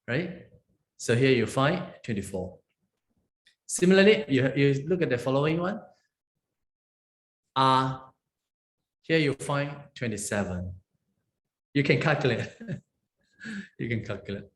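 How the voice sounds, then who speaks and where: Monk teaching Pali in a roomy space. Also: male voice, mid-range voice, expressive, a little slow, long pauses. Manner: explains step by step, checks in with "okay? right? huh?". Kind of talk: online language lesson. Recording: roomy echo.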